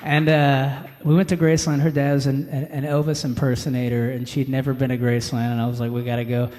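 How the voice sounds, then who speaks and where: Between songs at a live show, a young singer-songwriter talks fast in a level, slightly mellow medium-pitched voice, drifting through stories full of fillers and addressing the audience as "man." A stage vocal mic captures him in a reverberant venue with music, guitar in the background and slight noise.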